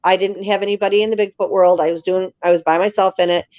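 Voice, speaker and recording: Lively woman storyteller, muffled lo-fi sound. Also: medium pitch, quick pace, dry recording. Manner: lively storyteller who acts out other people's lines. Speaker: interview guest. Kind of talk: casual storytelling in an interview. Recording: slightly dull lo-fi sound.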